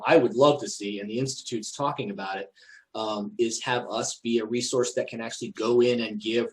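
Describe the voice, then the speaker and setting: A man's voice: medium pitch, rough recording. Male presenter, mid-range voice, hesitant and repetitive Q&A delivery. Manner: hesitant, many restarts and fillers. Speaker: presenter at an association meeting. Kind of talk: conversational Q&A on a call.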